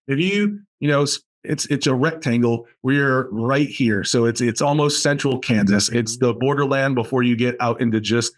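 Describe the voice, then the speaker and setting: A man from Boston, guest on a podcast interview, talking about his college aviation program with enthusiastic, animated storytelling. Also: mid-range voice, normal speed, hardly any pauses.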